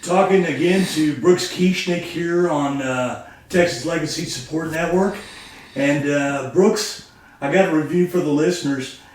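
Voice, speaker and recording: A man's voice: on the high side, unhurried. A man hosting a podcast, asking rambling questions with fillers in a casual interview. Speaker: podcast host. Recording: echoey room, distant from mic.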